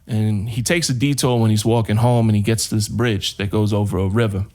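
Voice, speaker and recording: A man's voice: fairly low pitch, fairly even intonation, a little mellow. A man on a podcast, casually telling a long shaggy-dog joke and drawing out the build-up. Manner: casual storyteller, drawn-out build-up. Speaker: podcast co-host.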